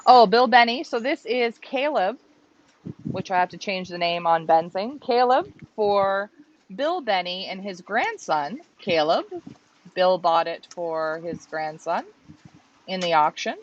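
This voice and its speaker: A woman's voice: medium pitch, lively intonation, a little slow, slight background noise. A woman co-hosting a live stream, chatting casually and joking as she reads out names. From Canada. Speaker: co-host of a live pigeon race stream. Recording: slightly dull lo-fi stream audio.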